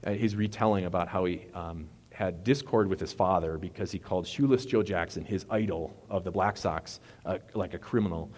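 A man preaching a sermon in a relaxed, conversational way, retelling movie scenes and correcting himself as he goes. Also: low voice, a little fast. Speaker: pastor. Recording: long reverb of a hall.

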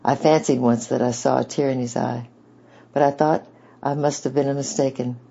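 A man giving steady storybook narration as an audiobook reader. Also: medium pitch, moderate pace, gravelly, breathy edge. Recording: dull lo-fi recording.

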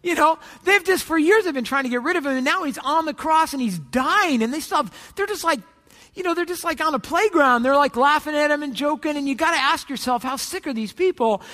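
A man's voice: extremely high pitch, brisk, sharp tone, big-room sound. A man preaching a sermon, telling a joke and Bible stories in a casual, conversational way with many restarts. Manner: casual storytelling, with joking asides and restarts. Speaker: pastor.

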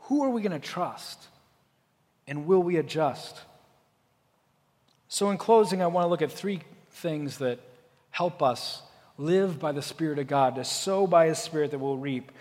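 High-voiced pastor preaching in a reverberant hall. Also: male voice, a little slow, long pauses. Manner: earnest, swells to forceful emphasis then drops soft. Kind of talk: sermon.

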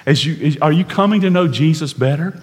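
A man preaching a sermon with earnest conviction, his voice sitting a little high for a man. He slows down to weigh key words and sometimes sinks to a near hush. His voice rings out with a long reverb, as if in a large hall. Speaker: pastor.

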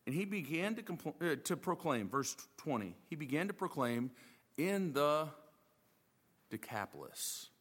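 A man preaching a lively sermon, acting out the disciples' voices with joking asides. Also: fairly high pitch, a little slow, husky, in a large hall. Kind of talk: animated sermon.

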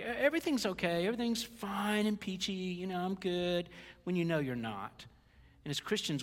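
A man's voice: medium pitch, fairly bright tone. An older man preaching a sermon as a pastor, conversational, with stumbles and folksy asides. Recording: reverberant hall.

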